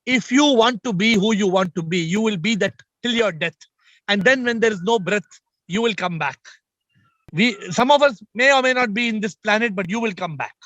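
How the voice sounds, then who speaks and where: A man's voice: sits high, fairly bright tone, no room sound, muffled recording. A man giving an emphatic spiritual talk on a group video call, repeating points and speaking straight to his listeners. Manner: emphatic, repetitive, addresses listeners directly. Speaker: spiritual teacher.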